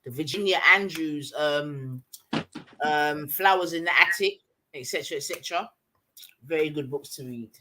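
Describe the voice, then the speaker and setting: A woman's voice: low voice, normal speed, noisy background. Easygoing woman on a call. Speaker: panelist. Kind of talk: casual group chat.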